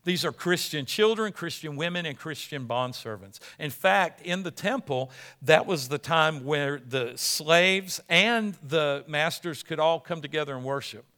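A man pastor preaching a sermon in a church, animated and emphatic, often repeating himself and restarting phrases. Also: on the high side, a little slow.

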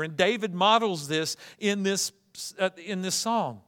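A man preaching a sermon as pastor, shifting from loud, joyful fervor to quiet, hushed reflection, with frequent repeated starts. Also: high voice, measured pace. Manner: repetitive restarts, swings from loud fervent to hushed.

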